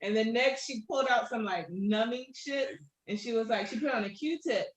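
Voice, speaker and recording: A woman in a casual podcast chat, telling a story in an animated way and acting out quotes. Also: on the high side, normal speed, slight background noise, poor audio.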